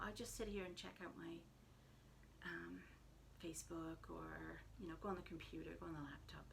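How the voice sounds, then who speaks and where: A middle-aged woman tells an anecdote in a relaxed, chatty way and acts out the voices of the people in it. Her voice has a gravelly edge, and a faint hiss sits under the recording. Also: mid-range voice. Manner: animated storyteller, acts out quoted voices. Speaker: knitting podcast host. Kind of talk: casual storytelling.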